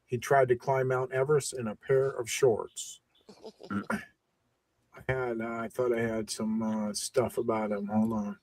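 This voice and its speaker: A man's voice: mid-range voice, little pitch movement, a little slow, a little mellow, no room sound. A man hosting a podcast in casual chat, loose and jokey, trailing off as he reads notes. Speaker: podcast host.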